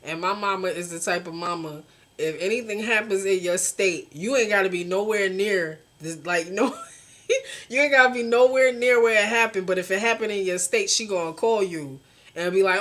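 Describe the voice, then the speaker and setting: A woman's voice: medium pitch, normal speed, fairly bright tone. A young woman, venting bluntly and passionately in a casual vlog, swearing often and talking straight to her viewers. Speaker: vlogger.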